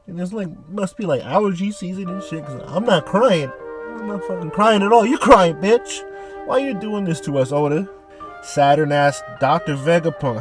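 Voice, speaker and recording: Excitable, foul-mouthed man recapping manga. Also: mid-range voice. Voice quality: heavy profanity and slang. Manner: animated, excitable. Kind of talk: casual manga chapter recap.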